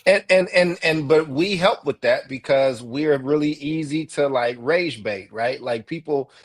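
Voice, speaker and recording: A man co-hosting a podcast in casual chat, adding short comments and then thinking out loud in a relaxed way. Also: a little high, unhurried. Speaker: podcast co-host.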